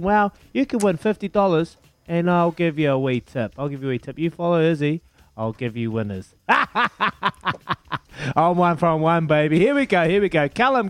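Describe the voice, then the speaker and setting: A New Zealand man hosting breakfast radio, bubbly and matey, calling his callers mate and laughing along. His voice sits a little high. The sound is close and dry. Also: dry recording. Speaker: radio breakfast show host. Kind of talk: lively radio quiz banter.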